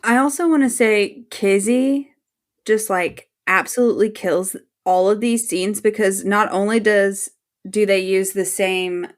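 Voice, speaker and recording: A woman's voice: medium pitch, a little slow. A woman co-hosting a casual podcast chat, animatedly retelling scenes, acting out lines, swearing freely and laughing often. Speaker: podcast co-host.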